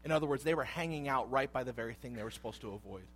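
A man in his thirties preaching a sermon, animated and conversational, dropping to hushed asides and rising to loud emphasis. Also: medium pitch, rapid-fire, husky. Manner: animated, acts out voices in quotes, swings between hushed asides and loud emphasis. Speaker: pastor.

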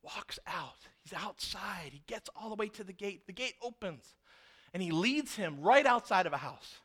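A man preaching a sermon with a very high, bright voice. As a pastor he tells the story in a lively way and slips into the voices of the people in it to act out their lines. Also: moderate pace.

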